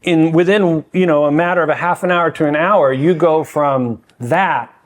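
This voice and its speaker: Earnest older man with a higher voice. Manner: earnest, measured, emphatic. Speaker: podcast guest, mentor. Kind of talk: reflective conversation.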